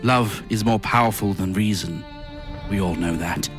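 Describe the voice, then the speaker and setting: A man reading the part of a weary older male lord, in a low, subdued, earnest way, from a script. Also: moderate pace, soft background music, lightly acted. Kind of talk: reading a script scene aloud.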